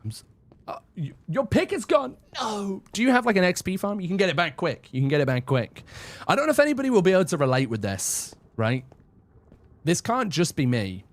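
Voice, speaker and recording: Lively rambling young male streamer. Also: high voice, a little fast. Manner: rambling, chatty, self-deprecating. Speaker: livestreamer. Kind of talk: casual livestream chat.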